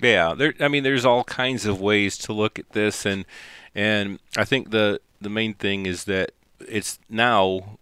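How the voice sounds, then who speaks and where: Brief: male podcast co-host, bright clear tone, dry close sound, thoughtful. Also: deep voice, no echo. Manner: unhurried, thoughtful, starts phrases over. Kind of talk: casual faith discussion.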